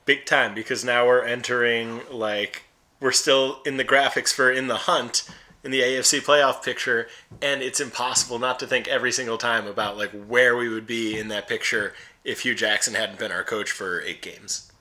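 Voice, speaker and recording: A man's voice: medium pitch, fairly even intonation, normal speed, bright, forceful tone. A man co-hosting a sports podcast, rambling loosely in profane, casual fan talk. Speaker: podcast co-host.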